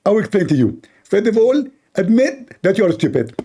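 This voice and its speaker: A pompous preacher with a high, strained voice that swoops up and down, talking down to everyone and calling them stupid, as a man puts him on. The tone is lecturing and smug, with a gravelly edge. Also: big pitch swings, fairly quick, warm tone, exaggerated voice. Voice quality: condescending, lecturing. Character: pompous shrill male Muslim preacher, insulting. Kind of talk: mocking impression in a live debate.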